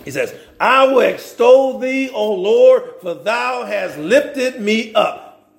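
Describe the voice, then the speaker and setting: High-pitched, gravelly male preacher. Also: expressive, slow. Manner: repetitive, stumbling restarts, call-and-response asides to the congregation. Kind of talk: sermon.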